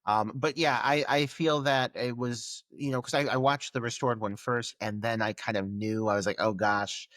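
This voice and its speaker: A man's voice: mid-range voice, steady tone, normal speed, hardly any pauses, fairly bright tone, dry recording. A man co-hosting a film podcast in casual chat, chatty and loose. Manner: chatty, many fillers and restarts. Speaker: podcast co-host.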